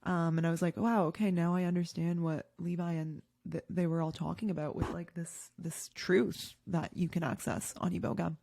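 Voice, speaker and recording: Woman in her thirties, candid personal story, lowish mellow voice, dry close sound. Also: fairly even intonation, moderate pace, creaky, few pauses, no room sound. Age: 30s. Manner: candid and emotional, many fillers. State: tearful at times. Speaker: podcast host.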